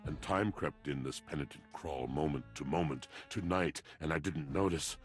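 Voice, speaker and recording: An actor voicing a mournful, poetic male object in a dating game, with a very deep, slow, theatrical delivery. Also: music in the background. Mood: mournful, seductive. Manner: melancholic, archaic poetic speech. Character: brooding gothic male object, mournful poet. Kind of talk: video game voice acting.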